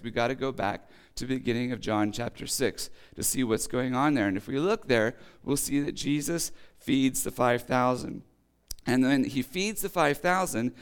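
Casual preacher man with a rough voice. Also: mid-range voice. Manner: casual and chatty, rereads scripture then explains with asides and quips. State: voice acting up, slightly rough. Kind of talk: conversational sermon.

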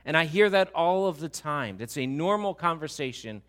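A man's voice: fairly high pitch, expressive, moderate pace, a bit bright. A man preaching a sermon in a church, talking to the congregation in a conversational way and joking with them. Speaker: pastor.

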